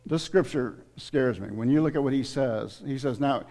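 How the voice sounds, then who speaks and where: A man's voice: medium pitch, moderate pace, warm tone. A middle-aged man preaching a sermon to his congregation, earnest and emotional, appealing directly to his listeners. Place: church sanctuary. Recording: long hall reverb.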